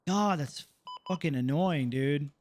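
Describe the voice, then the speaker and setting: A man's voice: fairly high pitch, unhurried, slight background noise. A young man streaming a roleplay game, venting out of character with heavy swearing, ending lines with "bro" and "dude".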